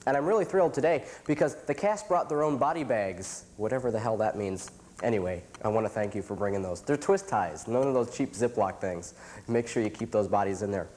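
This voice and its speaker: A man with a stuffed-up nose hosting a campy comedy TV show, making dark jokes with chuckling asides. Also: fairly low pitch, lively intonation, brisk. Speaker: host.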